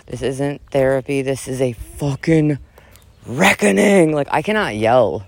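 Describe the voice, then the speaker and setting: A man with a medium-pitched, creaky voice reads slowly through a dramatic, profane rant. He breaks off into casual asides, shifting between loud mock yelling and quieter talk.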